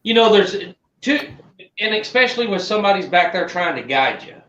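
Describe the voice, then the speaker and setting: A man's voice: sits high, lively intonation, fairly quick, fairly bright tone. A man joining as a guest on a video call, telling a story in a laid-back, drawling, folksy way. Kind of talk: casual chat. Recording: roomy, distant, muffled call audio.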